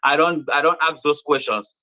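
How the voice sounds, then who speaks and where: A man's voice: fairly high pitch, moderate pace, bright, forceful tone, no room sound, poor audio. A man who appears as a guest on a dating show and explains himself defensively and at length.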